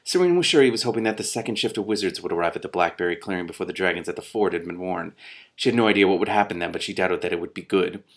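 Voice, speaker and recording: A man reading a novel aloud and breaking off for excitable, self-mocking asides. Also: sits low, very fast. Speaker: book reader and commentator.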